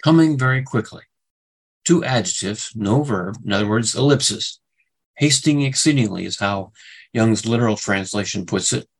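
Gravelly low-voiced man teaching scripture. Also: rough recording. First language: English. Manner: halting, with frequent fillers and restarts; leans hard on single words for emphasis. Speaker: Bible teacher. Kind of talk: Bible study lecture.

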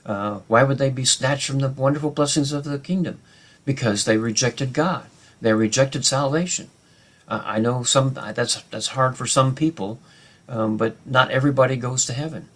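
A man's voice: medium pitch, normal speed, fairly bright tone. A man teaching a verse-by-verse Bible study, talking unscripted with many fillers and restarts, explaining Hebrew grammar and reading scripture aloud.

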